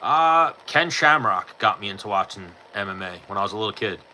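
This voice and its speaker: Host, thirties; lowish, piercingly bright voice, blunt and profane, faint hiss behind. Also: male voice, lively intonation, fairly quick, rough recording. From New York. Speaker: podcast host answering live chat. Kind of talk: casual chat.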